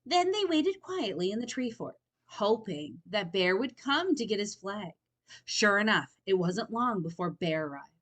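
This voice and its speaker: A woman storyteller reading a picture book aloud to children, expressive and pausing to explain words. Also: mid-range voice.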